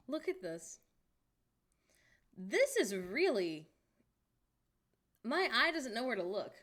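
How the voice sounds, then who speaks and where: A woman on a casual stream, talking half to herself as she browses and tossing out wry remarks about whatever pops up. Her pitch swings freely, with a middling voice that rises and falls all over the place. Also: wildly swooping pitch, a little slow, pauses often. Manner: chatty, wry, reacts out loud to what she sees. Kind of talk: casual chat while browsing online.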